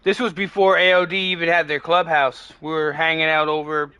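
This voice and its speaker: A man's voice: on the high side, flat delivery, fairly quick, bright, forceful tone, clear, resonant tone, dry recording. A man streaming a game, telling friends a profane story in casual chat and acting out the lines he quotes.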